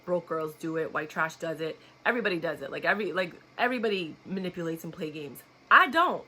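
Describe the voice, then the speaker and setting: A blunt, outspoken woman vlogger chats straight to her viewers with a bright, forceful voice. She talks in a loose, casual storytelling way and laughs often. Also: lowish voice, animated, fast, slightly rough.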